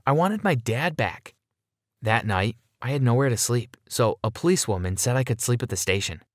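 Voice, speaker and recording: A man's voice: mid-range voice, lively intonation, moderate pace, no room sound, clean studio sound. A man giving scripted first-person narration of a dramatic story in an earnest, dramatic storytelling manner.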